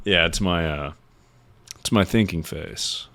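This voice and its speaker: A man with a notably low voice chats loosely to his stream audience, drifting between stories in an unpolished, offhand way. His talk is peppered with casual swearing. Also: takes it slowly, fairly bright tone. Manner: loose, rambling and profane. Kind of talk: casual livestream chat.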